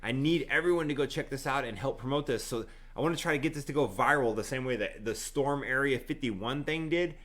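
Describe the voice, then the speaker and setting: A man's voice: mid-range voice, brisk, hardly any pauses, fairly bright tone. A middle-aged man hosting a casual live stream, promoting an event in an upbeat, easygoing way. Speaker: host, rapper.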